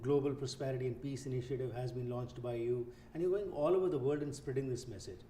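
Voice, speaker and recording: A man's voice: medium pitch, dark tone. Formal male host in an echoey room. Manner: formal, halting, many backchannel affirmations. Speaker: talk show host. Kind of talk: interview questions. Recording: echoey room with faint noise.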